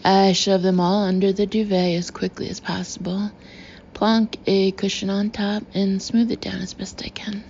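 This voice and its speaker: A woman's voice: medium pitch, flat delivery, normal speed, a little mellow, slight background noise. A woman reading a novel aloud in the first person, with a wry, chatty inner-monologue manner. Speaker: audiobook narrator. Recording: slightly muffled recording.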